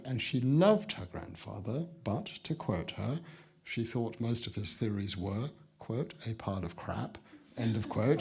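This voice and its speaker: British male speaker with a husky voice, middle pitch, dry anecdotal delivery at an exhibition opening. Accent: British English. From Britain. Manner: wry, storytelling with dry understatement. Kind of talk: anecdotal speech to an audience. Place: museum building, speaking to an audience.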